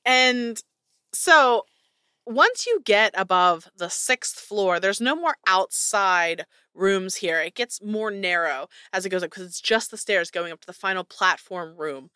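Bright-voiced woman game master. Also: mid-range voice, a little slow, clean tone, dry recording, studio quality. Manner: lively descriptive narration. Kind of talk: narrating a tabletop game.

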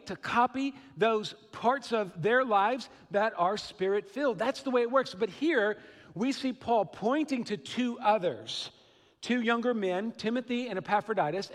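High-voiced southern pastor, middle-aged, earnest chatty sermon, long echo of a church hall. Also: male voice. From Western Kentucky / Southern Illinois. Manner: earnest, conversational preaching with asides.

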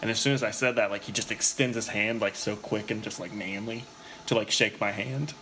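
A man's voice: lowish voice, fairly even intonation, brisk, pushed and bright, a little hiss or hum. A man telling a long story in a rambling, casual way, swearing a lot and filling his talk with "like". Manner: rambling, profane, heavy use of filler "like".

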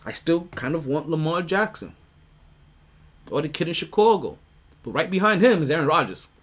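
A man's voice: a little high, lively intonation, normal speed. A man hosting a sports podcast, talking casually and rambling with restarts, bursts of emphasis and laughs. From United States. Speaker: podcast host.

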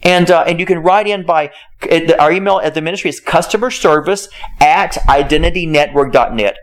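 A man's voice: high-pitched, expressive, fairly quick. A man hosting a podcast, preaching an earnest sermon with repeated words and emphatic turns.

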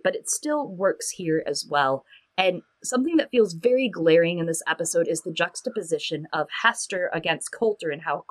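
Animated woman podcaster, dry close sound. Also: fairly low pitch, dry recording. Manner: animated, acts out quoted lines. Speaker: podcast co-host. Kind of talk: casual chat.

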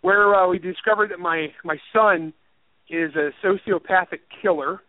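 A man who is an author rambles through a casual interview, laughing often and poking fun at himself. His voice sits a little high for a man. The sound is tinny and phone-like, with a dry room. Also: normal speed, dry recording. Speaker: author and writing teacher.

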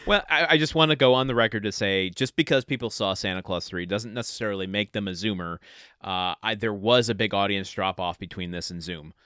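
A man's voice: fairly low pitch, brisk, pushed and bright, clear, resonant tone, no room sound. A man co-hosting a podcast in casual chat, making dry joking asides between hesitant fillers. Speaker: podcast co-host.

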